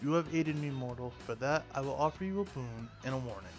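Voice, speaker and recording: A man's voice: medium pitch, expressive, a little fast, natural voice. A man playing a vengeful Celtic goddess. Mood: solemn. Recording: music playing behind.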